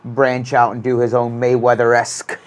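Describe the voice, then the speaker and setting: A man's voice: mid-range voice, completely flat delivery, moderate pace. A man in a casual podcast chat who agrees with the others and adds short remarks of his own.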